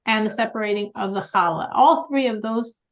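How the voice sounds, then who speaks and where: A woman's voice: medium pitch, brisk. A woman teaching a religious class, telling stories earnestly and putting questions to the group. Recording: dull lo-fi sound.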